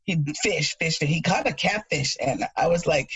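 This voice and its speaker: A woman in her thirties from Jamaica, co-hosting a podcast and chatting casually, an animated storyteller who laughs often. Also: low voice, moderate pace, breathy edge, no echo, dull audio. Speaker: podcast co-host. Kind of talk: casual chat.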